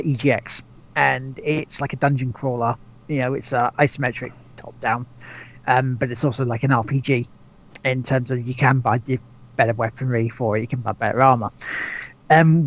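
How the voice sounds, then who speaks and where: A man's voice: on the high side, a little mellow, dull audio. A man hosting a podcast in casual chat, rambling with lots of restarts, swearing and laughs. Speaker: podcast host.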